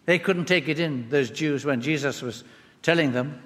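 A man preaching a sermon, expressive and emphatic, with dramatic pauses. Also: a little high. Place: church. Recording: long church reverb.

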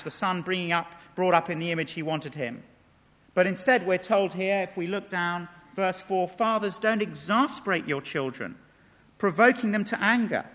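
A high, bright-voiced man preaches a sermon with emphasis, tossing out rhetorical questions. His voice rings with the long reverb of a large hall. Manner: emphatic, rhetorical questions, reads quotes aloud.

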